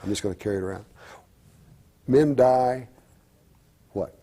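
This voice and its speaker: A middle-aged man talking candidly as a guest, halting and reflective, with frequent restarts. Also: medium pitch, dark tone. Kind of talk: candid personal talk-show conversation.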